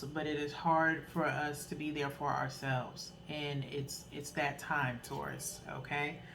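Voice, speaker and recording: A woman's voice: low-pitched, a little hiss or hum, poor audio. A woman giving a casual, earnest tarot reading, encouraging her listeners and ending phrases with a questioning "okay?". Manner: loose, rambling delivery with restarts. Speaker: tarot reader.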